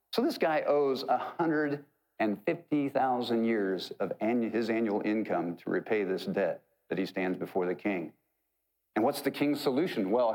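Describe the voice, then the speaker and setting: A man's voice: lowish voice, darkish tone, low-quality recording. A man preaching a sermon, retelling a parable in a conversational, joking way. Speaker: pastor.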